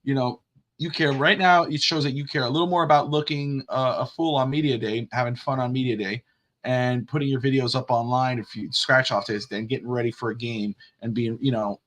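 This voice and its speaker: A man's voice: mid-range voice, a little fast. A middle-aged man co-hosting a casual sports talk show, telling stories and acting out what people said. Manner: animated storyteller, acts out quotes. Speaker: podcast co-host.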